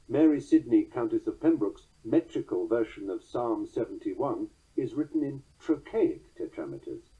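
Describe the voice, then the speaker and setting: A man with a deep, markedly husky voice reads lines of verse slowly and precisely, then explains their meter with a dry, wry touch. The sound is dull and lo-fi. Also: lively intonation. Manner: measured, precise, drily wry. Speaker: poetry teacher. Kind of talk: scripted narration reading verse aloud.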